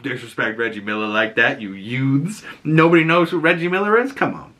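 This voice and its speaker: A man's voice: mid-range voice, brisk, fairly bright tone. A man giving casual, chatty reaction commentary on a movie trailer, laughing often.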